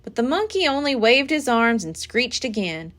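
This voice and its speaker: A woman reading a children's book aloud as a library storyteller, with an expressive, dramatic delivery. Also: a little high, normal speed.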